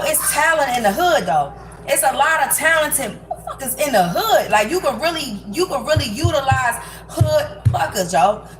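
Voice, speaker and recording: Young woman ranting while she cooks, cussing a lot, kinda high voice, echoey kitchen with noise behind. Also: fairly bright tone. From Prince George's County, Maryland. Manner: blunt, profane, rambling street talk. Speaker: vlogger. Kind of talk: casual rant while cooking. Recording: echoey room with background noise.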